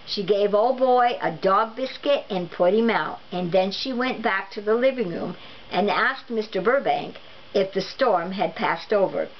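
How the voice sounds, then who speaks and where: A woman narrates a storybook aloud at a mid-range pitch, steady and expressive. The recording is dull and lo-fi, with faint background noise underneath. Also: measured pace.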